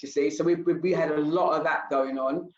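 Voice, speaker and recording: A woman's voice: sits low, brisk. Older lady, charity founder, chatty and repeats herself, echoey dull sound. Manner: animated, repetitive, acts out her own past speech. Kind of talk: interview talk. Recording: roomy, slightly dull sound.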